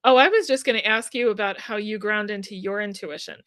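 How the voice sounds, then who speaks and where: A woman hosts a live stream and asks her guest questions in an easygoing tone, laughing easily along the way. Her voice sits at an ordinary pitch and is recorded dry, with no room echo. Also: brisk, a bit bright. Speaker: host, psychic medium. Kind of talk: casual live-stream chat.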